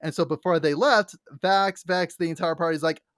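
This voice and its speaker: A young adult woman co-hosting a casual podcast, excitedly retelling scenes with lots of likes, restarts and acted-out quotes. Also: on the low side, normal speed, dry recording, clean studio sound. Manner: animated storyteller, acts out quotes with many likes and restarts. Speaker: podcast co-host. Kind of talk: casual fan chat.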